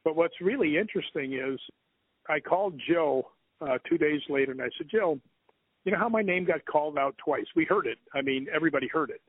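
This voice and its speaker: A man's voice: a little high, fairly quick, breathy edge, no echo. Man telling a ghost story over a tinny line. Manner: rambling, animated retelling with quoted dialogue. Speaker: guest, ghost hunter. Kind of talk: casual storytelling interview. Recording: tinny phone line, dry.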